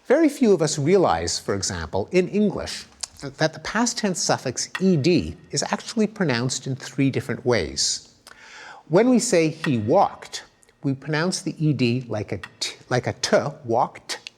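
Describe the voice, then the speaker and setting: A man's voice: on the high side, very animated, normal speed. A middle-aged man giving a recorded academic lecture, explaining ideas and demonstrating sounds aloud with emphatic intonation.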